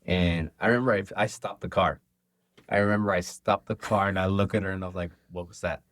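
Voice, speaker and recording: A man with a fairly low voice chats in an interview as a restaurant owner and cook. He tells stories with energy and acts out bits of dialogue. The sound is dry and close. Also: quick pace, no room sound. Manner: animated storyteller acting out dialogue. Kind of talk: casual interview chat.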